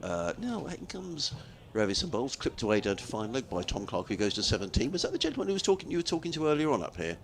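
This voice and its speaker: A man's voice: medium pitch, very animated, quick pace, few pauses. A man commentating on cricket from a commentary box, chatty and rambling into anecdotes, laughing easily. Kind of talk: live radio-style ball-by-ball commentary.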